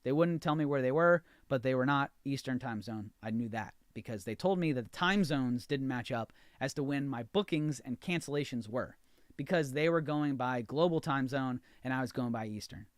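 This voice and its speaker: This time the American podcaster's voice is mid-range and his pace normal, captured in a dry, studio-quality recording. He's in ranting monologue mode, recounting something that frustrated him and acting out both parties in the exchanges.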